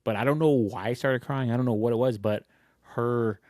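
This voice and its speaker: A man co-hosting a casual podcast chat, telling a long, rambling story and laughing through it. His voice is mid-pitched, and the recording is dry and close. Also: brisk, a little mellow, dry recording. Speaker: podcast co-host.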